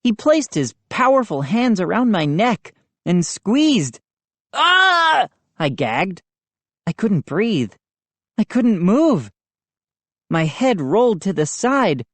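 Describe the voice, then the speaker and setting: Slow, expressive woman audiobook narrator. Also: mid-range voice, dry recording. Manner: expressive, unhurried reading. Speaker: audiobook reader.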